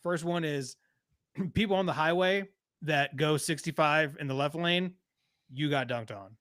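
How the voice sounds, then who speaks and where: A man's voice: fairly high pitch, unhurried, a bit bright, no echo, studio quality. A man from Texas, co-hosting a podcast and ranting in a casual, profane, joking way about sports. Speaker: podcast co-host.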